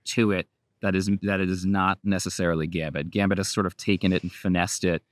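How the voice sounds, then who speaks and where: A man in his thirties, a voice actor, chatting casually in an interview, relaxed and rambling, laughing often. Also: low voice, fairly quick, dry recording. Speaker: voice actor guest.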